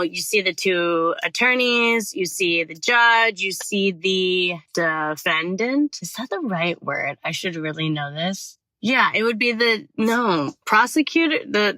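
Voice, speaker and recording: Woman podcaster telling a story, bright crisp voice, rambly and cursing a lot. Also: medium pitch, no echo. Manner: rambling, expressive, swears freely, self-correcting. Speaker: podcast host. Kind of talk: casual storytelling monologue.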